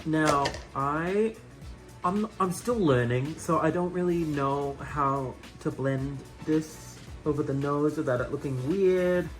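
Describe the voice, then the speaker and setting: A young Australian man doing a chatty drag makeup tutorial, rambling in self-mocking asides. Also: fairly high pitch. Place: indoor room with a fan.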